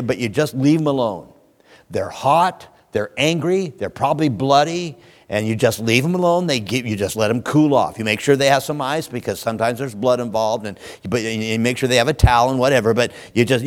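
A man preaching a sermon in a church, telling stories in a folksy, plainspoken and emphatic way. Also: medium pitch. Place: church sanctuary. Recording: long hall reverb.

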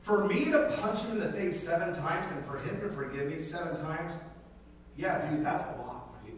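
A man preaching a sermon in a conversational, animated way, telling stories and acting out scenes in different voices. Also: a little high, normal speed. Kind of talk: sermon with storytelling. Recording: very echoey hall, distant mic, faint noise.

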